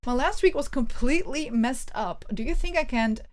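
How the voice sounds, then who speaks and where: A woman's voice: sits high, lively intonation, brisk. A woman streaming a game, chatting playfully with her viewers and joking as she plays. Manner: playful, chatty, laughs and jokes with chat. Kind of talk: casual live-stream chat.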